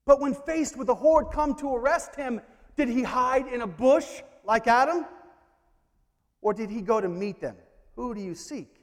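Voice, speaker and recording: A male preacher delivering a fervent sermon, building to exhortation with quiet asides. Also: very high voice, measured pace, in a large hall.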